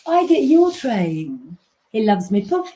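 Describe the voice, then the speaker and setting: Brief: woman, live-stream astrologer doing tarot readings, warm chatty delivery, talks straight to viewers. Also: high voice, very animated, slow pace. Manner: chatty, keeps addressing viewers as "guys".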